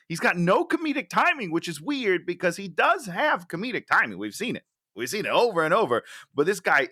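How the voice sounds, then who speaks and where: A man in casual conversation, mocking a film with incredulous questions. His voice is bright and animated, swinging widely in pitch, and it sounds dry with no room behind it. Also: no echo. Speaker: podcast co-host. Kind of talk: casual chat reviewing a film.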